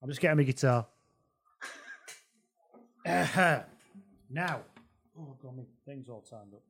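A man's voice: medium pitch, slow pace, creaky, a bit bright. A man co-hosting a podcast in casual, joking chat with some swearing. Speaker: podcast co-host.

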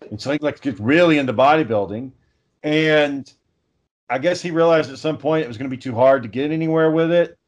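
A man's voice: a little high, fairly quick, highs cut off. A man in casual podcast chat, telling a long story with plenty of swearing, fillers and restarts. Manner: rambling profane storytelling with many fillers.

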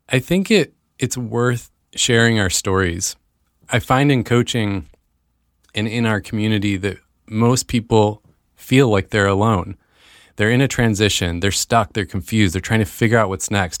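A man hosting his own podcast, talking straight to listeners in an earnest monologue that lifts into excited bursts. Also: on the low side, no echo, studio quality. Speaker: podcast host.

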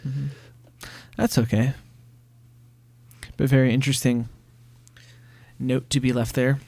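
A man's voice: medium pitch, flat delivery, slow, gravelly, darkish tone, no echo. A man co-hosting a casual podcast, recounting scenes in a chatty, storytelling way. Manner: chatty storyteller who acts out bits of scenes. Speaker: podcast co-host. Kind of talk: casual chat.

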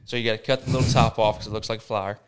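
A man's voice: lowish voice, flat delivery, rapid-fire, crowd noise. A young man, a college baseball coach telling stories in a laid-back, folksy way as a podcast guest. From Western Kentucky. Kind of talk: casual podcast chat.

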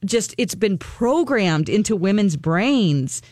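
A woman chatting on a podcast in a lively, talkative way, often exclaiming as she goes. Her pitch sits in the middle of the usual range. The recording is close and dry. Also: takes it slowly, dry recording. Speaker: podcast co-host. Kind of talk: casual chat.

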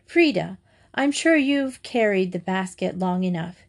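A woman's voice: medium pitch, animated, a little slow. Woman reading as a firm young headmistress. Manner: firm, decided. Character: brisk young headmistress, firm but kind.

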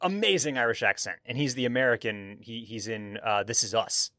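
A man's voice: medium pitch, brisk, bright, forceful tone, no echo. A man hosting a podcast in a studio, chatting casually and enthusiastically, rambling and restarting his sentences. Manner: rambling, restarts often, enthusiastic about shows. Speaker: podcast host.

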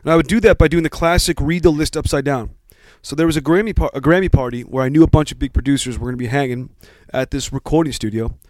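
A man's voice: on the high side, quick pace, a little mellow, no echo. A man in his forties casually telling a long story about his start, rambling and self-deprecating with many restarts. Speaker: guest.

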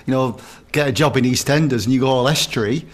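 A man's voice: medium pitch, fast. Rambling storytelling man. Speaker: co-host. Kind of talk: casual chat, anecdote.

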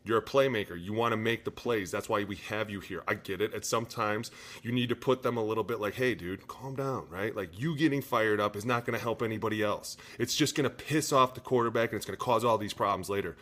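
A man co-hosting a football podcast in casual, animated chat, swearing freely and saying "dude" a lot. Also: fairly low pitch, quick pace. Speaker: podcast co-host, former lineman.

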